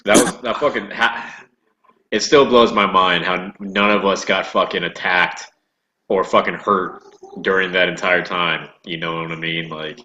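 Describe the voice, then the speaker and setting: Low, bright-edged male veteran, laughing profane storyteller, echoey room with faint hiss. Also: steady tone, measured pace, dull audio. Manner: profane, laughs through his stories. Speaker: former Marine, guest. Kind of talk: casual storytelling chat.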